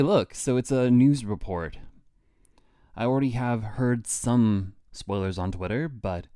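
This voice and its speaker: A man's voice: mid-range voice, dark tone, no room sound, studio quality. A man streaming his reaction to a manga chapter, chatty and laughing often, with many restarts.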